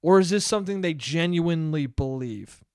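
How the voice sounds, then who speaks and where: A man's voice: on the high side, animated, moderate pace, darkish tone, clear, resonant tone, dry recording, studio quality. A man in his twenties hosting a casual solo podcast, rambling and swearing as he laughs at his own jokes. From United States. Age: 20s. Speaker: podcast host.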